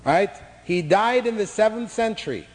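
A man's voice: high voice, expressive, normal speed, long reverb tail. A man preaching a lecture-style sermon with emphatic, sometimes mocking delivery. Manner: emphatic, mocking imitations of chanting.

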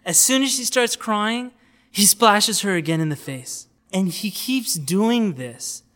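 A man giving an informal religious lecture on outreach, telling stories in a lively way and acting out the people he quotes. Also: high voice, takes it slowly. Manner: animated storytelling, acts out quoted voices. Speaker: Islamic preacher teaching outreach.

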